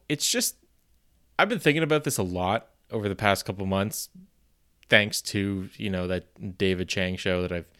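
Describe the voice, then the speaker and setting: A man with a fairly low voice hosts a solo podcast in casual chat. He rambles, pokes fun at himself, swears freely and fills gaps with "you know" and "um". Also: a bit bright, smooth. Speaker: podcast host.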